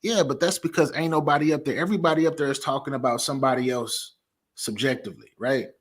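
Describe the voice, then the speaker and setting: A man's voice: mid-range voice, fast talker. A man co-hosting a sports podcast, talking animatedly in casual debate and often repeating words as he thinks. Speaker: podcast co-host.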